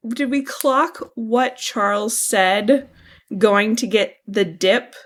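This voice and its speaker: A woman's voice: fairly high pitch, slow pace. A woman co-hosting a podcast, chatting casually and earnestly about a TV episode, thinking aloud as she goes. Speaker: podcast co-host. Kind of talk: casual TV review chat.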